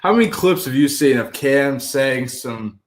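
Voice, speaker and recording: A man's voice: medium pitch, animated, measured pace. A man co-hosting a sports talk show, chatting casually and pushing back with a laugh. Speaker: co-host. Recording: roomy studio echo.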